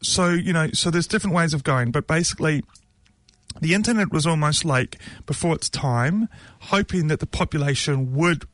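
A man's voice: fairly high pitch, normal speed, a bit bright, dry recording. A man giving a blunt, ranting opinion monologue, full of restarts and fillers.

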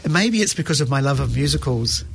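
A man's voice: mid-range voice, lively intonation, fairly quick, creaky, a crowd in the background. A man with a New Zealand accent hosting a radio arts show in a studio, chatty and self-mocking. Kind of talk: casual radio chat.

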